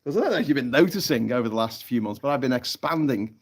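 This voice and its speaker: A casual, sweary male host reads chat comments on a live stream from a hammock on an off-grid tropical island. He tells jokes with lots of laughter, talking fast with lively intonation. His mid-range voice is slightly rough.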